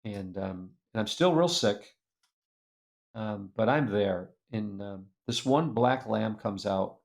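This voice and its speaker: A man telling a personal story as an interview guest, lively and earnest, acting out the people in it. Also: lowish voice, slow pace, gravelly. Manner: animated storyteller who acts out the people in his tale; earnest and reflective. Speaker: guest speaker.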